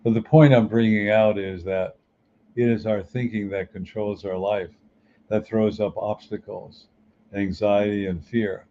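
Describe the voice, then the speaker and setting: A man speaks as a spiritual teacher in a relaxed, conversational motivational talk, throwing out rhetorical questions to his listeners. His voice sits fairly low with a dark, mellow tone. The recording is muffled and lo-fi, with faint noise behind him. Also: a little slow.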